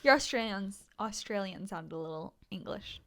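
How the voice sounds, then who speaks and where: A woman's voice: medium pitch, lively intonation, moderate pace, fairly bright tone. A young American woman co-hosting a podcast, joking in casual chat. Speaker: podcast co-host.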